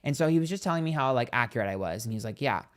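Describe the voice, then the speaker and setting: A psychic tarot livestreamer races through a gossipy story in an animated, medium-pitched voice. He's chatty and casual, acting out what others said and reading out donations to thank his viewers.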